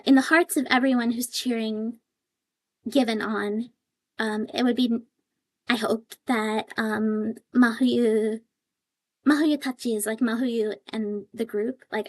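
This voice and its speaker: A woman streaming live, thinking aloud as she translates, with many fillers and emotional asides. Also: a little high. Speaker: livestream translator. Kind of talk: casual live-stream chat.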